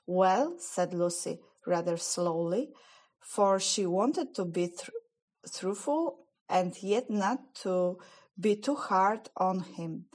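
A woman reading a children's story aloud in calm, measured narration. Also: on the low side.

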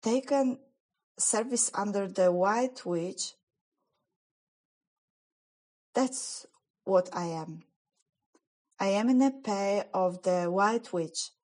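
A woman's voice: mid-range voice, slow pace, a little mellow. A woman reading as Mr Tumnus the fretful faun. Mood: confiding. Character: guilt-stricken male faun, gentle and fretful.

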